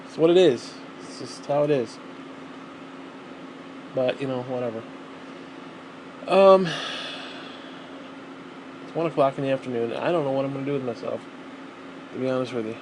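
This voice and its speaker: A man's voice: mid-range voice, normal speed, long pauses, a little mellow, a little hiss or hum, rough recording. A man talking casually to the camera at home, rambling and swearing freely. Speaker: vlogger.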